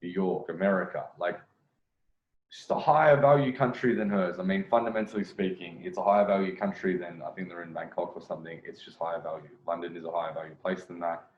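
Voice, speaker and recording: Male dating coach talking over a clip, low-ish voice, rambling and self-correcting, lo-fi echoey room sound. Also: fairly even intonation, fast talker. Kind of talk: video commentary.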